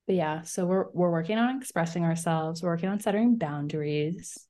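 A woman's voice: fairly low pitch, brisk, few pauses, warm tone. A woman co-hosting a podcast in casual chat, telling stories with lots of "like" and acted-out quotes. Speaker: podcast co-host.

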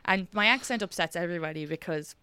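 A woman with an Irish Kildare accent hosting a podcast, telling quick anecdotes, swearing freely and laughing often. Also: fairly low pitch, pushed and bright, clear, resonant tone, no room sound. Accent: Irish, Kildare-Midlands. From Ireland. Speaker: podcast host and comedian. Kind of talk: casual chat.

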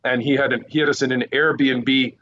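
A man who works as a news correspondent, telling animated stories from the field in a casual podcast interview. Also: mid-range voice, lo-fi sound. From Quebec Eastern Townships, Canada. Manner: animated anecdotes, quick asides.

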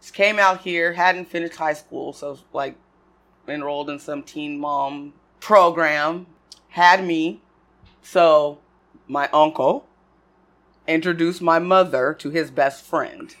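Woman, from Oregon, interview guest, unhurried storyteller, laughs between thoughts. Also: low voice, fairly bright tone. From Portland, Oregon, USA. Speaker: guest, comedy festival producer and DJ. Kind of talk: casual interview chat.

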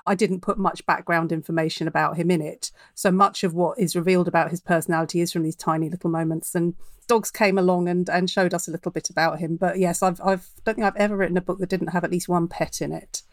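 A woman's voice: lowish voice, steady tone, quick pace, no room sound. A woman speaking as a podcast guest about her craft. She talks in a chatty, reflective way and laughs easily. The sound is close and dry, with no room around it. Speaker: author guest. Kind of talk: podcast interview.

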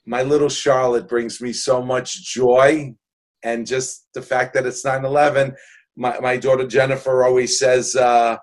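A man's voice: mid-range voice, flat delivery, unhurried. A man, a balloon artist telling heartfelt, rambling stories in a jokey, casual way. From New York, USA. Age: 60s. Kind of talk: casual storytelling.

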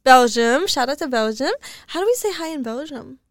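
A woman's voice: high-pitched, animated, brisk, no echo, studio quality. A young woman co-hosting a podcast in casual chat, giggling often and swearing offhandedly. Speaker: podcast co-host.

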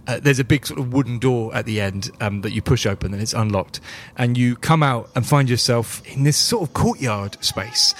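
A man's voice: medium pitch, normal speed, few pauses, a little hiss or hum. A man, narrating a tabletop role-playing game as game master in a chatty way, often laughing.

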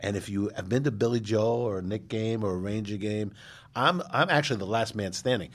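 An older man, his voice low and husky. He tells stories with lots of energy, in a relaxed interview, and keeps restarting his sentences and dropping "you know" as he goes. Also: a little fast. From Manhattan, New York. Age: 60s. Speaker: guest, restaurateur. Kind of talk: casual interview storytelling.

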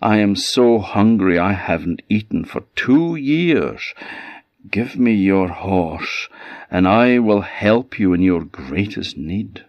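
A man with an Orcadian accent voicing a hungry old wolf who speaks slowly and deliberately. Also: lowish voice, expressive, dry recording. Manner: slow, measured. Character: starving old wolf Greylegs, later strong and calm. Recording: slightly dull audio.

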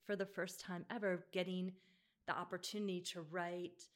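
A woman with a notably low voice talks in an easy, conversational way. She thinks aloud, circling back with fillers and restarts as she goes. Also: little pitch movement, normal speed. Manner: thoughtful, with frequent fillers and restarts. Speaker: bookshop podcast host. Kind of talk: casual conversational discussion.

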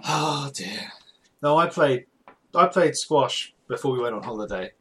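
A man's voice: medium pitch, animated, measured pace, bright, forceful tone, husky. A man co-hosting a comedy podcast, chatting casually, often repeating his words and laughing. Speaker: podcast co-host.

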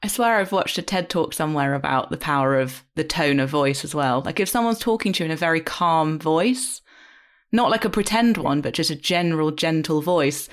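A woman hosts a podcast, chatting casually and jumping in with quick agreement as her guest talks. Her voice sits very low for a woman. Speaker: podcast host. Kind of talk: conversational podcast interview.

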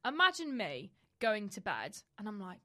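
A woman's voice: mid-range voice, wildly swooping pitch, normal speed, pushed and bright. A young woman, co-hosting a podcast and sheepishly defending herself in a casual chat. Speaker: podcast co-host.

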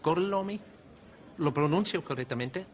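A man's voice: a little high, lively intonation, moderate pace, a little hiss or hum, close to an everyday voice. An actor playing a suave, menacing male Nazi officer in film dialogue, speaking in an elaborate, polished, teasing way. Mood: mock polite.

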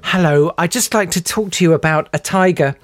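A man's voice: on the high side, brisk, dry recording, studio quality, voice pushed up, lightly acted. A man voicing an overly chirpy male charity phone fundraiser who pleads in a rising, sing-song voice. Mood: wheedling.

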